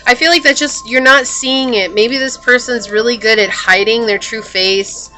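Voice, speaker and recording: A woman's voice: fairly high pitch, steady tone, normal speed, pushed and bright, soft background music. A woman giving a casual tarot reading to her viewers, chatty and full of fillers and restarts. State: hiccups. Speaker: tarot reader.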